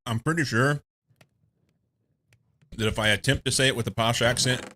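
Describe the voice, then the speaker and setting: With a mid-range voice that's bright and forceful, a man from England live-streams a game. He chats loosely with viewers and thinks aloud to himself at a slow, musing pace.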